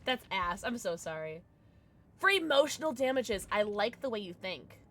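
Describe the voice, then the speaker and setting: A woman's voice: mid-range voice, big pitch swings, normal speed, fairly bright tone, slight background noise. A young adult woman streaming from home, chatting casually and gushing at her chat with sudden squeals.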